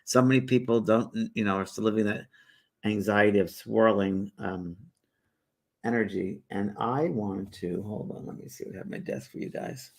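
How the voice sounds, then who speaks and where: Gravelly-voiced man hosting a livestream. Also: lowish voice, normal speed. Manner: relaxed and rambling, with many fillers and restarts. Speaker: host of a spiritual livestream. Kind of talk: casual livestream chat greeting viewers. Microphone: phone or webcam held by the speaker.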